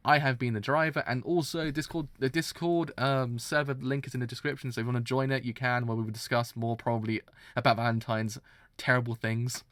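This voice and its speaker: A man on a live reaction stream complains animatedly about a story's villain, clearly exasperated and frequently restarting what he's saying. His voice sits at a medium pitch, with no room sound in the recording.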